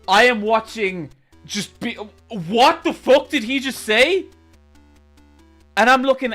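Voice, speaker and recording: High, bright-voiced man telling a profane story. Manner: rambling, profane, exasperated. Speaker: streamer. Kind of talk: casual storytelling to stream chat.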